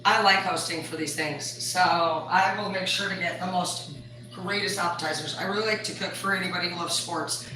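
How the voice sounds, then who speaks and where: A woman's voice: on the low side, fairly even intonation, normal speed, bright, forceful tone, faint music behind. A woman chatting casually while she cooks, laughing and swearing, full of "like" fillers. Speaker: vlogger. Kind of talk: casual chat while cooking. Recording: echoey room from far off.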